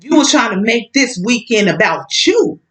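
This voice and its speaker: Outspoken woman with a lively, animated voice. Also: a little high, normal speed, rough recording. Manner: outspoken, emphatic, speaks directly to an absent ex. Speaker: vlogger telling a story. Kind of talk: storytime vlog, casual and heated.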